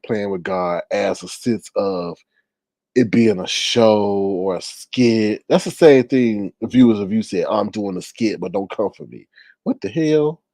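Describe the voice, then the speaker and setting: A man's voice: fairly low pitch, warm tone, dry recording, clean studio sound. A man hosting a casual livestream, ranting with exasperation, often sighing and talking straight to his viewers. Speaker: livestream commentary host.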